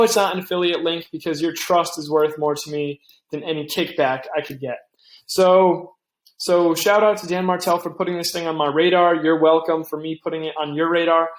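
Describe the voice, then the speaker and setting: A young man hosting a casual tech tutorial, talking things through with asides and quick restarts. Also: on the high side, reverberant. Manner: chatty, thinks aloud with restarts and asides. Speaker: tech tips host. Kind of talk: casual screen-recorded tutorial.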